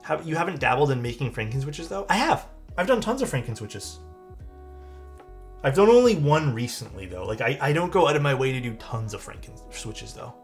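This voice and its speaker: A man's voice: medium pitch, fairly quick, gravelly. Laid-back Canadian man streaming live. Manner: relaxed, chatty, answers chat questions. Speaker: streamer building a keyboard. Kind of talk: casual live-stream chat. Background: faint music.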